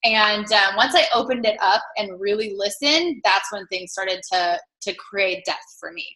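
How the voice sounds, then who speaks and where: A woman telling a personal success story in a lively way, acting out the dialogue she quotes. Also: medium pitch, measured pace, echoey room, rough recording. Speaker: business testimonial speaker.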